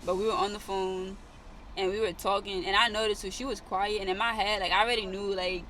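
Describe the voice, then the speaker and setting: A woman's voice: medium pitch, flat delivery, brisk, a bit bright, slight background noise. A young woman telling a story in casual chat, rambling and repeating herself with many fillers.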